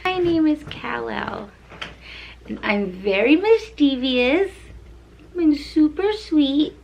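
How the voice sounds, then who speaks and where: A woman putting on a tiny male puppy, cute and mischievous, high-pitched slow baby talk, curious and sweet, a home vlog bit. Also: expressive, gravelly, highs cut off, a little hiss or hum, full character voice. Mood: playful.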